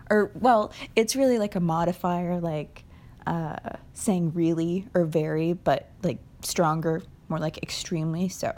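A woman's voice: lowish voice, unhurried. A young woman with a New England accent, chatting casually through an accent challenge with many fillers and light laughs. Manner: chatty, hesitant, with frequent fillers and soft laughs. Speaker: vlogger answering an accent challenge. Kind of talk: casual chat.

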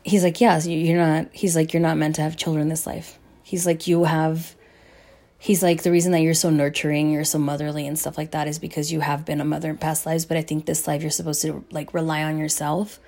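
A woman's voice: low-pitched, little pitch movement, fairly quick, dark tone. A young woman vlogger telling a story to her viewers in a casual, rambling way, swearing often and filling gaps with "like" and "um". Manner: rambling, profane, lots of "like" and "um".

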